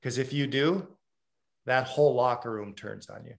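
Gravelly-voiced man, blunt storyteller. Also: medium pitch, moderate pace. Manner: emphatic storyteller; blunt and direct. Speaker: former hockey coach. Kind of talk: casual interview talk.

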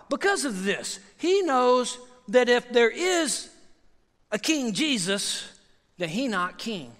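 A man preaching a sermon, animated and conversational, repeating phrases and swinging from loud emphasis to hushed asides. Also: sits high. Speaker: pastor. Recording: long hall reverb.

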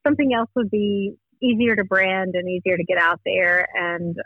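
A woman's voice: medium pitch, steady tone, moderate pace, dry recording, phone-quality sound. A woman from North Carolina with a Southern accent, a singer who fronts her band, chatting in a friendly way and laughing easily. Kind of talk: casual interview.

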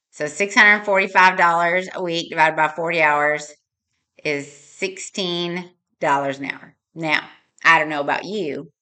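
Casting: woman podcast host, slow unhurried delivery, bright tone, earnest and emotional. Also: deep voice. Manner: earnest, emotional, talks numbers through aloud. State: tearing up. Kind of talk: heartfelt podcast monologue.

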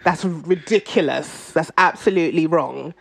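A woman, co-hosting a podcast, telling a story in lively, animated casual chat. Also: deep voice, normal speed, creaky, breathy edge. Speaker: podcast co-host.

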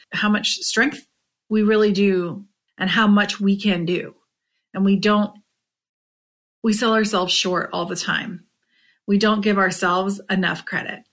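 Earnest, tired woman podcast host. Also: mid-range voice. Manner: earnest, heartfelt, often dropping to a soft near-whisper. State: tired and emotional. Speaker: podcast host and direct sales coach. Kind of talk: unscripted motivational podcast monologue.

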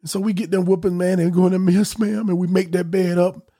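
A man's voice: sits high, level tone, brisk, dark tone, soft background music. A man hosting a podcast, preaching in a conversational, folksy way with emphatic repetition and casual asides.

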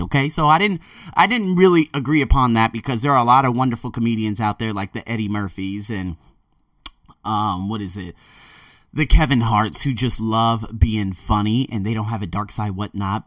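A man's voice: medium pitch, fairly bright tone, dry recording, clean studio sound, far from the mic. A man giving a casual, rambling monologue about a book, emphatic and often profane. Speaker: podcaster discussing a book.

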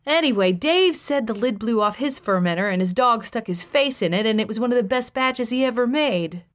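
An irritable husband, all clipped, exasperated retorts, as a woman narrator reads his part. He sounds dismissive and short-tempered, pitched a little above a plain speaking voice, and brushes off every worry. The lines are read as audiobook dialogue. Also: lively intonation, brisk, close to an everyday voice. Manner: curt, exasperated, snapping back.

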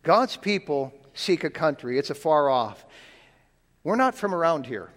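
A man preaching a sermon in a folksy, plain-spoken way, stumbling over repeated words and slowing down to read scripture. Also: on the high side, big pitch swings, a bit bright, long reverb tail.

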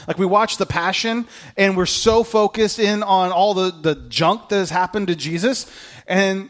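A man preaching an Easter sermon in a casual, conversational way, reading scripture aloud and moving between quiet asides and emphatic peaks. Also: high voice, moderate pace. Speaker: pastor.

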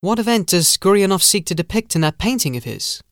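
A man's voice: high voice, very animated, brisk, fairly bright tone, no echo, studio quality, voice pushed up, full character voice. A man voicing a polite, curious traveler asking questions.

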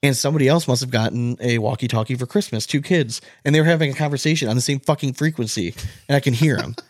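A man co-hosting a podcast, telling a story in casual chat with animated, swearing delivery. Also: mid-range voice, quick pace, no echo. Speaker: podcast co-host.

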